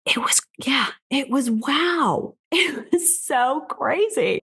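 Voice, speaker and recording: Here a high-pitched, slow-speaking woman from the United States tells her story as a guest in a relaxed interview. She's the founder of a whisky brand, and she's animated, laughs frequently, and leans heavily on "like."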